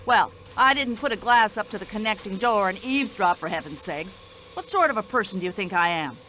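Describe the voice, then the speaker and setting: An actress voicing a brash, nosy older American widow in a video game, speaking in an indignant, chatty American accent. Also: female voice, medium pitch, animated, brisk, bright, forceful tone, slight background noise.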